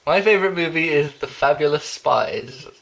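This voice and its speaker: A young man reading a jokey self-introduction, rambling and giggling, with deadpan asides. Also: a little high, moderate pace, gravelly, a little hiss or hum. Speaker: vlogger.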